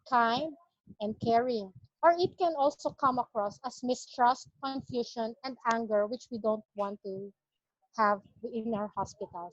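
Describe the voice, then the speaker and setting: A woman palliative care consultant delivers a medical lecture, setting out definitions in an earnest, careful manner. Her voice sits a little high. The audio is dull, dry and lo-fi. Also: dry recording.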